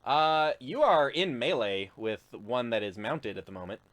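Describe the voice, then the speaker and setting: A man's voice: mid-range voice, a little slow, fairly bright tone. A man narrating as game master of a tabletop game in a laid-back, chuckling manner with many fillers. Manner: laid-back, laughs often, lots of fillers.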